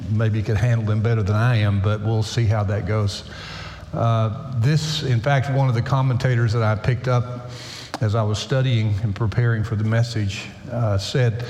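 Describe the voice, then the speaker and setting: An older man, a pastor, talking to his congregation in a halting, conversational sermon, full of fillers and restarts, in a large church sanctuary. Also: mid-range voice, darkish tone, slight background noise. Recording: roomy church hall echo.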